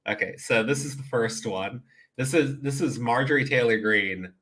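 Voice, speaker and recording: A man's voice: mid-range voice, moderate pace, fairly bright tone. A man giving casual, profane reaction commentary, often laughing and restarting his sentences. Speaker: commentary streamer.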